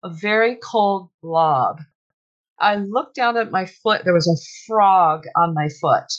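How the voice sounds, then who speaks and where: Woman guest, average pitch, lively anecdote teller, slightly muffled line. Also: takes it slowly. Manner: animated, breaks into shrieks and laughter when retelling. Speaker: author guest. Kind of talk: conversational storytelling.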